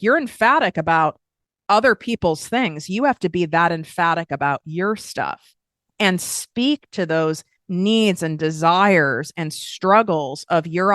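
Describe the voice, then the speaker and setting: A woman with a low, smooth voice coaches listeners in a blunt, casual podcast monologue. She talks freely, swears, and throws in emphatic asides. The sound is dry and close. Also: a bit bright, dry recording. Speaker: podcast host and business coach.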